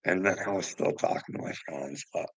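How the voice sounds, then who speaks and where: Gravelly man rambling through his story. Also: low voice, brisk, a bit bright, dry recording, low-quality recording. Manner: rambling and profane, with frequent laughs. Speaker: vlogger. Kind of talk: casual personal storytelling to camera.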